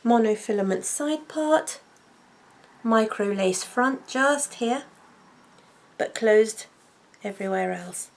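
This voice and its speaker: A woman talks in a relaxed, intimate way with an unhurried, leisurely pace. Her voice carries a gravelly fry, and she gushes happily, often repeating words for emphasis. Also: on the high side. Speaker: wig vlogger.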